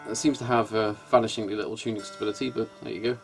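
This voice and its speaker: A man's voice: on the low side, flat delivery, rapid-fire, gravelly. A man giving casual, wry workshop commentary as he sets up a guitar, hesitating often and sounding exasperated, recorded on a camera microphone in an indoor workshop. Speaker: guitar repairer.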